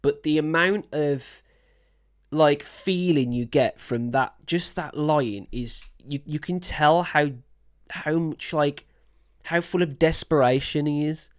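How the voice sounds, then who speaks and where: Woman with a low voice gushing over a song, lots of "like"s, chatty reaction vibe. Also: takes it slowly. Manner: enthusiastic, rambling with many fillers. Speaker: music reaction host. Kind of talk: casual music reaction commentary.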